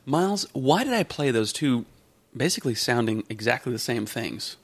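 A man's voice: mid-range voice, sing-song, moderate pace, slightly rough. A man hosting a tech podcast, talking in a chatty, joking way. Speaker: podcast host. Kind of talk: casual tech podcast chat.

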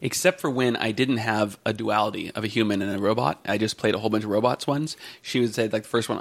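Gravelly-voiced man hosting a tech podcast. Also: on the low side, quick pace, few pauses. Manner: joking, chatty. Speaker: podcast host. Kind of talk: casual tech podcast chat.

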